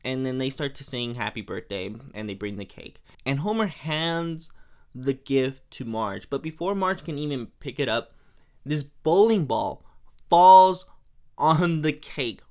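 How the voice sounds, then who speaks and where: A young man hosting a podcast, casually recapping an episode, chatty and laughing often, briefly acting out lines in quick voices. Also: mid-range voice, smooth. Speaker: podcast host.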